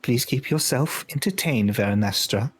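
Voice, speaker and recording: A man's voice: mid-range voice, animated, normal speed, husky. A man voicing a gracious, regal fairy queen who speaks with stately courtesy.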